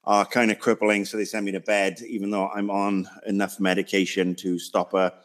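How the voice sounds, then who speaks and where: A man's voice: on the low side, completely flat delivery, moderate pace. A man co-hosting a casual podcast, rambling and hesitant with dry humor. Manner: rambling, hesitant, self-deprecating. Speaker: podcast co-host.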